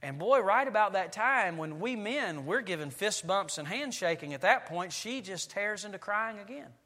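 A man in his forties, a pastor preaching a sermon in a church sanctuary and telling family stories with lively, acted-out delivery. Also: high-pitched, normal speed, long reverb tail. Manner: animated storytelling preacher, acting out family scenes.

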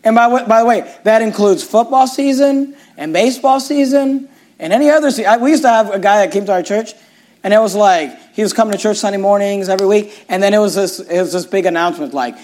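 A man's voice: high-pitched, fast, a little mellow. A middle-aged man, a pastor, preaching a sermon with emphatic, repetitive phrasing.

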